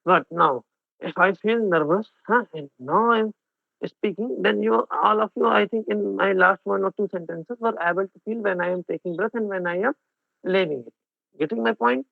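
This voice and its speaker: Male Indian English tutor, raspy and high, mixes in Hindi, heard over a tinny, dry line. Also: normal speed, no room sound. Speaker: exam coaching teacher. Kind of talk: online class lecture. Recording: phone-like narrow band, dry.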